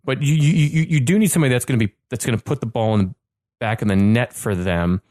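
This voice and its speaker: A man hosting a casual podcast, talking quickly and eagerly, often tripping over his words. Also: medium pitch, darkish tone, no echo, clean studio sound. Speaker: podcast host. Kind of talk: casual chat.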